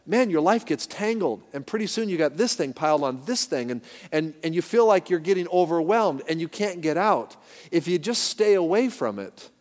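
A male pastor preaches with emphasis in a slightly high voice, leading call-and-response lines with his listeners. His words trail into a long reverb from a big church hall. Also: darkish tone. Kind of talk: sermon.

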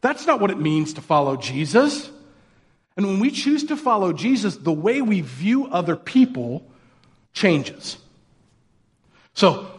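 A man delivering a sermon in a loose, conversational way. His voice sits slightly high for a man, and he keeps throwing rhetorical questions at his listeners. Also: slightly rough. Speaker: pastor.

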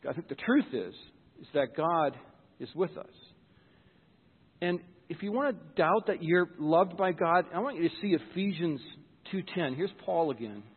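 A man's voice: a little high, expressive, a little slow, pauses often, husky. Man preaching over a tinny hall echo. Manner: earnest, conversational, repeats words when starting a thought. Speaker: pastor. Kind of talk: sermon. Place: church.

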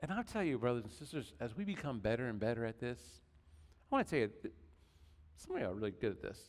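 Male pastor preaching casual and folksy, lively up-and-down voice, long hall echo. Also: mid-range voice, fast talker. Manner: conversational, folksy preaching with asides. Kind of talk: sermon.

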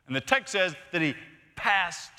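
A man preaching a sermon as pastor, emphatic, swinging from loud to hushed and repeating words for stress. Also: on the high side, expressive, normal speed. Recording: long reverb of a large hall.

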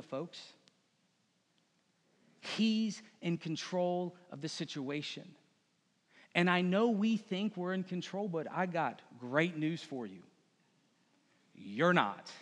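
A man's voice: high-pitched, long reverb tail. A man preaching a sermon as pastor, earnest and emphatic, repeating his key phrases.

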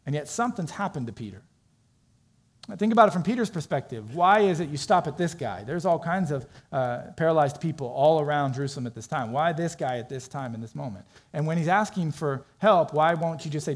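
A man preaching a sermon as pastor, animated and acting out quoted voices, moving between loud stretches and hushed ones. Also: on the high side, brisk.

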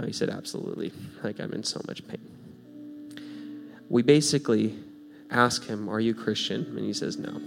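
A man preaching, telling a story in a casual, animated way, going from hushed to loud. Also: on the low side, creaky. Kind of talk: sermon storytelling.

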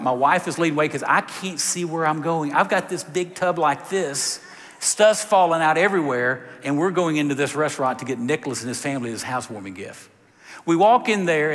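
Preacher in a reverberant hall. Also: male voice, on the high side. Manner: animated storytelling, direct appeals to the congregation. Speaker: pastor. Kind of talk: sermon.

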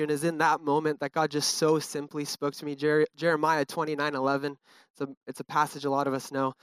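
A man's voice: on the high side, flat delivery, normal speed, a bit bright, smooth, no echo. A young man giving an earnest, casual personal testimony, full of fillers. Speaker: speaker sharing a testimony.

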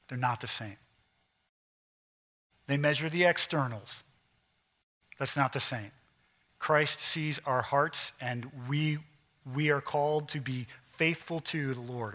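A man preaching a sermon, earnest and emphatic, rising to loud peaks and dropping to quiet asides. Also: a little high. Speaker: pastor.

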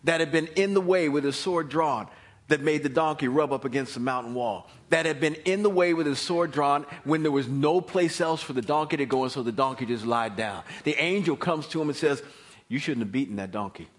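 A man preaching a sermon and telling a Bible story in an animated manner, swinging between loud and hushed. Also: fairly high pitch, a little fast.

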